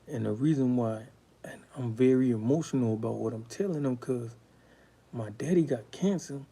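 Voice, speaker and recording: A man's voice: mid-range voice, dark tone, breathy edge. A man telling his own life story with raw emotion, blunt and profane as he talks. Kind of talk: candid storytelling.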